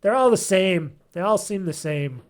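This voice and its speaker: A man's voice: sits high, lively intonation, normal speed. A man hosting a gaming podcast alone, chatting casually and rambling with lots of ums and curse words as he searches for names. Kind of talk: casual solo podcast chat.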